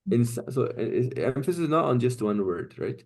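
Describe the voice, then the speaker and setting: A man's voice: mid-range voice, lively intonation, brisk, gravelly, darkish tone. A man teaching an online class, explaining step by step and often checking in with "right?" and "okay?". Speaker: Quranic Arabic teacher.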